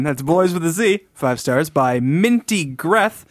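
A man's voice: a little high, animated, a little slow, dry recording. A man co-hosting a casual podcast, reading listener reviews aloud with lots of laughing and joking. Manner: giggly, self-mocking, slips into joke accents. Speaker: podcast co-host. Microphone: studio microphone.

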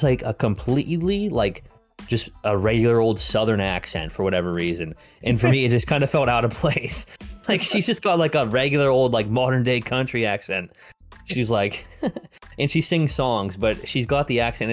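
A man co-hosting a film review podcast, chatting casually with lots of fillers and the odd swear word. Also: fairly low pitch. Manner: rambling, filler-heavy and profane. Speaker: podcast co-host reviewing films. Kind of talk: casual chat.

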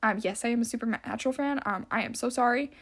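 A woman's voice: fairly high pitch, fast, a bit bright. A young woman hosting a casual solo podcast, rambling and chatty with lots of filler words. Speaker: podcast host.

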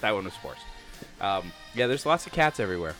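Man, lowish voice, rapid talk, excitable, stumbles on words, faint music behind. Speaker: podcast co-host. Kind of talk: casual chat.

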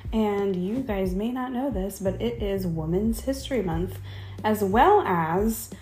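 A woman co-hosting a podcast, teasing and laughing in relaxed chat. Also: mid-range voice, measured pace, roomy sound. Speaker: podcast co-host. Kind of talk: casual chat.

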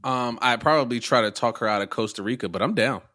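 A man's voice: medium pitch, quick pace, sharp tone. A man co-hosting a podcast in a laid-back, casual way, swearing freely. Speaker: podcast co-host.

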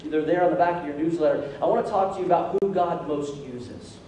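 This pastor's voice is a little high, a little fast, and dark in tone as he preaches in a church sanctuary. He cracks jokes and impersonates the characters in his story, captured from afar in an echoey hall with faint noise.

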